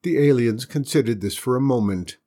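A woman storyteller reading a children's story aloud in an expressive, measured way. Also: rumbling low.

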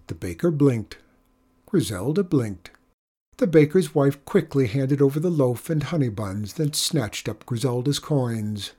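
A storyteller reading a folk tale aloud in a measured, expressive way. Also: medium pitch, breathy edge. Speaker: narrator. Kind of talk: storybook narration.

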